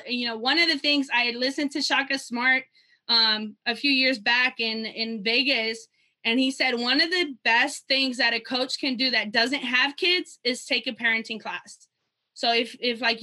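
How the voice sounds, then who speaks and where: A woman coach talking casually about coaching and parenting, with lots of fillers and a voice that drops off at the end of a point. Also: high-pitched. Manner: chatty, many fillers, drops softer at ends of points. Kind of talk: casual podcast chat.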